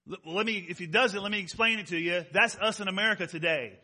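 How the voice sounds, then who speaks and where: A man preaching a sermon to his congregation in a conversational way, slowing down to stress key words and often asking rhetorical questions. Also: high-pitched, sharp tone. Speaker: pastor.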